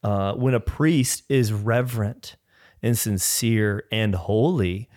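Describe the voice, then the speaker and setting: Low-voiced man telling a rambling story. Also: slow pace, darkish tone, no room sound, studio quality. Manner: rambling storyteller, frequent "like" and restarts. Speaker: podcast guest. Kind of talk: casual faith testimony.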